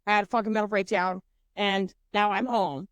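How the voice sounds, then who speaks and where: A woman in her twenties, co-hosting a podcast, telling a story in an animated, profane way with lots of fillers. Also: mid-range voice, brisk, no echo. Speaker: podcast co-host. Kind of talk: casual storytelling chat.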